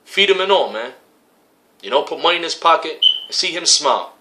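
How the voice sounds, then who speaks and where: A man's voice: on the high side, expressive, brisk, background noise. A man preaching casually, quoting scripture and recasting it in profane street slang, repeating phrases for emphasis. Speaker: religious camp member preaching.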